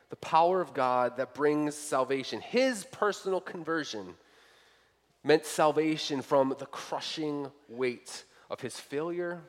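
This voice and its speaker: A man preaching a sermon as pastor, earnestly asking his listeners questions. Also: medium pitch. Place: church sanctuary. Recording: long hall reverb.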